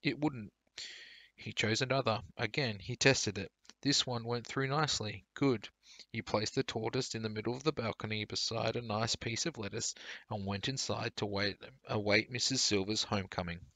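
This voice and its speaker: A man teacher reading a children's storybook aloud for pupils in a clear, steady storytelling way. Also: on the low side, normal speed, no room sound.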